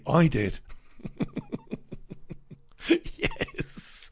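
A man's voice: medium pitch, normal speed. A middle-aged man hosting a casual live stream, chatting and joking as he greets viewers by name. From Ireland.

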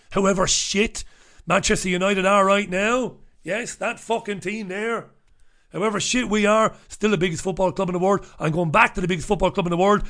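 An Irish man with a fairly high voice holds forth on talk radio. He rants in blunt, profane bursts, mocking the people he disagrees with in an opinionated monologue. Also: steady tone, fairly quick, fairly bright tone. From Ireland. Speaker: radio talk show host.

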